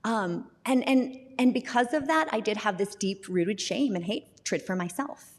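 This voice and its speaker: A woman's voice: mid-range voice, expressive, unhurried. A woman tells her own recovery story with candor and a self-deprecating laugh. Her voice sits in the middle range, with a long reverb around it as if in a hall. She often stumbles and restarts her words as she talks. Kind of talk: personal testimony in a recovery talk.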